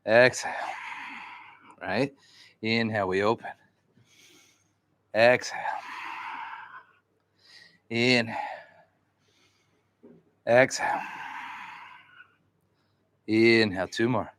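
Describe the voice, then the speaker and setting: A man leading a vinyasa yoga class, calmly cueing breath and poses with relaxed encouragement. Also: lowish voice, slow pace, pauses often, clean tone, no echo. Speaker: yoga instructor.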